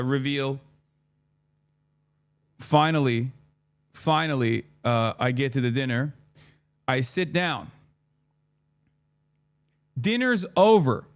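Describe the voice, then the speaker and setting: A man in his thirties, a streamer, casually telling a story, swearing often and acting out his own lines of dialogue. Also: medium pitch. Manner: profane, animated, acts out his own dialogue.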